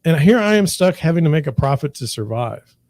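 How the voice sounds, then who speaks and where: A middle-aged man speaks in a slightly raised but mellow voice, venting his frustration in a rambling, repetitive way. The recording is dry and close, with no room echo. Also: on the high side, very animated, brisk. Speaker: real estate broker. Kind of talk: candid monologue to camera.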